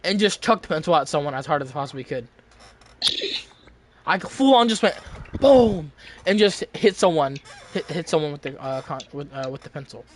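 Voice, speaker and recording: A man's voice: a little high, expressive, normal speed. A young man telling a rambling, casual story from his school days, full of restarts and fillers. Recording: noticeable background noise.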